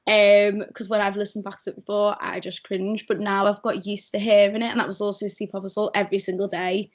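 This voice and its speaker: Young woman, strong Liverpool accent, animated, chatty, Skype audio call. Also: medium pitch, brisk. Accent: Scouse (Liverpool). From Liverpool, England. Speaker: guest, radio producer. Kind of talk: casual chat.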